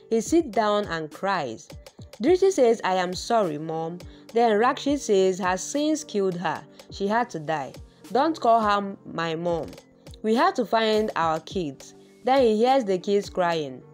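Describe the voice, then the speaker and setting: A woman narrates a TV drama's episode in plain, slightly broken English, stringing events together with "then he says." Her pitch moves lively up and down at a middling level. Soft music plays faintly behind her. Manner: chains events with "then she says", quoting each character flatly. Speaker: narrator retelling a TV serial's episode. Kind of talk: casual plot recap read aloud.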